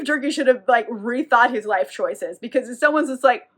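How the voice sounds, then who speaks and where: A woman's voice: on the high side, normal speed, hardly any pauses, a bit bright. A young woman casually recapping a novel on camera. She talks irreverently, says "like" constantly and laughs often. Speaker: book reviewer.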